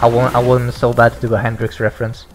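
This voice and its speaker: A young man, giving excitable let's play commentary, exclaiming, swearing and rambling. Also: mid-range voice, quick pace, slight background noise. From Sweden. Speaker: gaming YouTuber. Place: home gaming setup, no face cam. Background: racing game music and engine sounds.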